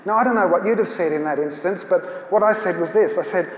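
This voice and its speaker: In an echoey hall, a male guest speaker at a church seminar gives an anecdotal talk, acting out each bit of dialogue as he narrates. His voice is high-pitched, and he talks briskly with few pauses.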